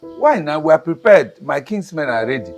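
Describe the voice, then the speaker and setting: A man's voice: fairly high pitch, big pitch swings, normal speed, creaky, faint music behind. An actor with a Nigerian accent playing an exasperated middle-aged father in a film drama, hesitating with many fillers. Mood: resigned.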